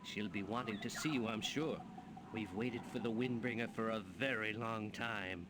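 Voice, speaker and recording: A man's voice: on the low side, moderate pace, noisy background, natural voice. An actor playing a young winged guardsman in a video game, earnest and formal.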